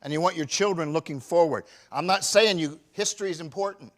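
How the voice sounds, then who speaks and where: A pastor in his fifties preaching a sermon, swinging from shouted emphasis to quiet, personal confession. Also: fairly high pitch, a little fast. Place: church.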